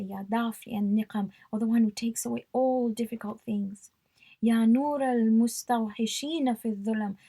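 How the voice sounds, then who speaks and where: A woman's voice: on the high side, gravelly, warm tone. A woman giving a live religious talk, reciting prayer lines and explaining each one in plain words. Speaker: religious teacher.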